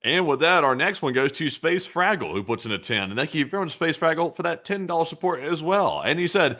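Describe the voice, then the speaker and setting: Bright-toned male co-host. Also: a little high, animated, fairly quick. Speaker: co-host reading viewer messages. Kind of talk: casual chat.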